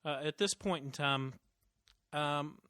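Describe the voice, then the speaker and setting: A man runs a tabletop game as game master, describing scenes in a loose, chatty way full of fillers and restarts. His voice is bright and forceful. The sound is close and dry. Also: on the high side, takes it slowly, clear, resonant tone, no echo. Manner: relaxed, many fillers and restarts.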